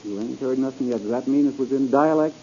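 A man's voice: medium pitch, quick pace, warm tone. A man answering on a 1930s radio quiz panel, with dry, self-deprecating humor. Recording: dull old radio recording with faint hiss.

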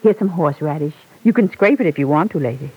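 A woman playing a tender, grieving mother comforting her son in a radio drama, soft and soothing. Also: low-pitched, animated, fast, slightly rough. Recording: tinny phone-like old recording.

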